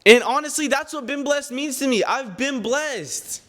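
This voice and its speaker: High-voiced earnest young man preaching. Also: unhurried, a bit bright. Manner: earnest and preachy, often repeats words and restarts, addresses viewers as guys. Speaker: clothing brand owner and vlogger. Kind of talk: faith-driven motivational talk to camera.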